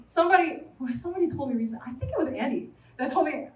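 Young woman from New York City, lively joking preacher, bright high voice, echoey hall. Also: rapid-fire. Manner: animated, chatty, jokes with the audience. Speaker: preacher at a college fellowship. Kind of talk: sermon. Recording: roomy sound from a distant mic.

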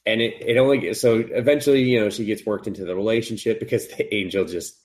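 Lower-voiced man recapping an anime, swearing. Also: fast talker. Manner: profane, animated retelling, jumps into high voices for characters. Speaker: podcast co-host. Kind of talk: casual chat, recapping an anime with acted quotes.

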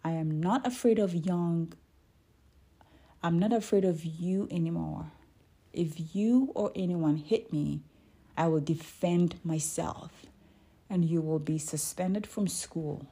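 A woman voicing a brave young girl who stands up to bullies, speaking firmly and loudly. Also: takes it slowly, husky, exaggerated voice. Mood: defiant. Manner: firm, raised and higher pitched.

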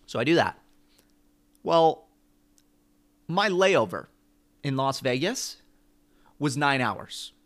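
A young man co-hosting a podcast, telling a long story in an animated, rambling way. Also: mid-range voice, slow pace, long pauses. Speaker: podcast co-host. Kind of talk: casual chat.

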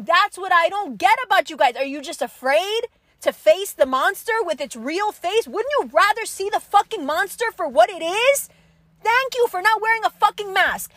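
High-pitched woman ranting profanely. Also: fairly bright tone, no echo. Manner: blunt, profane, confrontational, lecturing. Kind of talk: profane political rant.

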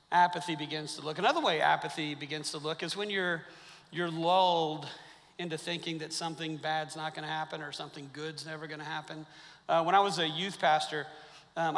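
A man preaching a sermon, telling stories and acting out the quotes in a jokey, animated way. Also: fairly high pitch, big-room sound. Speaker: pastor. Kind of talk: sermon with storytelling. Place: church sanctuary.

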